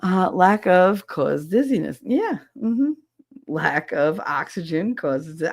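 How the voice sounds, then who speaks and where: A woman's voice: fairly low pitch, expressive, slow pace, dry recording, studio quality. A woman hosting a podcast, chatting casually with listeners, blunt and swearing freely. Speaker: podcast host reading listener chat. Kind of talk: casual chat.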